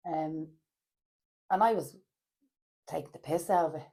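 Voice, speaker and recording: Podcast guest: woman, Dublin accent, lower register, halting and filler-heavy, perks up for anecdotes. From Ireland. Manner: hesitant, many fillers, animated when telling stories. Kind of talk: casual chat.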